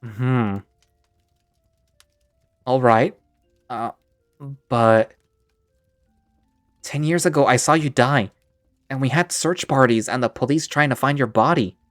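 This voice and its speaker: A man's voice: medium pitch, slow, pauses often, a bit bright, no echo, studio quality, faint music behind. A man voicing a grown male friend who is crying, his voice shaky and cracking as he pleads, in a one-man audio drama. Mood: earnest. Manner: pleading, choked-up. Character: tearful grown man, a loyal old friend.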